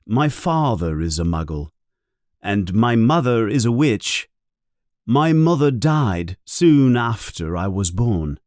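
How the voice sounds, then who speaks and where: A man's voice: fairly low pitch, sing-song, slow, darkish tone, no room sound, clean studio sound. A man doing a polite teenage boy prefect. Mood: quiet. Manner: polite and deferential.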